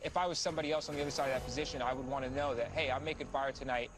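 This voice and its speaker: A man speaking as a reality show contestant in a confessional interview, measured and a little hesitant. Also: mid-range voice, steady tone. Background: background music.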